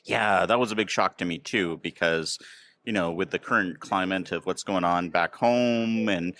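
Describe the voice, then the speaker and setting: A man's voice: deep voice, moderate pace, fairly bright tone. An American man hosting a casual podcast chat, telling rambling stories full of ums and uhs. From United States. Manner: rambling, filler-heavy storytelling. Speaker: podcast host. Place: outdoors near a train station.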